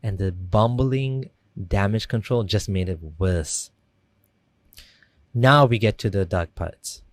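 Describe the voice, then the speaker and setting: A man's voice: mid-range voice, no room sound. Man with a dry, close commentary voice. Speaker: commentary channel host. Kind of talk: scripted critical commentary.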